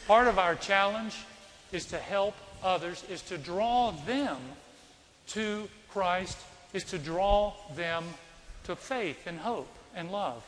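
High-voiced man preaching in a reverberant church. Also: slow, a bit bright, slight background noise. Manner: conversational storytelling, asks the congregation questions. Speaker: priest. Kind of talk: sermon with a personal story.

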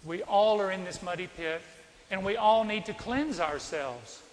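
High-voiced man preaching in a reverberant church. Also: a little slow. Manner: conversational storytelling, asks the congregation questions. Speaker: priest. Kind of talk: sermon with a personal story.

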